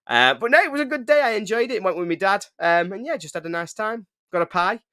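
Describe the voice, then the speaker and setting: A man's voice: high voice, expressive, quick pace, sharp tone, dry recording, clean studio sound. An English man co-hosting a football podcast, chatting in a jokey way with mock-indignant rants. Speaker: podcast co-host. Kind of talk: casual chat.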